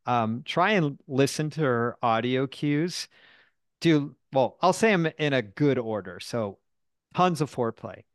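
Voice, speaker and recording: A man's voice: medium pitch, lively intonation, unhurried, no room sound, studio quality. A man talking frankly and casually, rambling through stories with self-deprecating asides. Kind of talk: candid casual chat.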